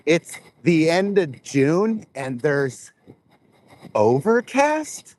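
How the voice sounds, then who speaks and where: Speaking a little slowly in a voice on the high side, a vlogger chats and rambles to his viewers, addressing them directly as he walks laps outdoors with a clip-on microphone close to his face.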